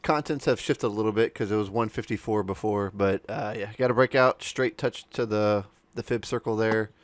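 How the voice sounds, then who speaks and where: A man on a casual live call, talking in a relaxed, matter-of-fact way. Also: lowish voice, moderate pace, no room sound. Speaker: participant on a chart analysis call.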